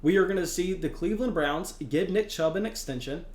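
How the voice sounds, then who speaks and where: Excited young man talking fantasy football. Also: high voice, a little fast, echoey room. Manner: energetic and emphatic, repeats himself. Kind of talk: excited sports analysis monologue.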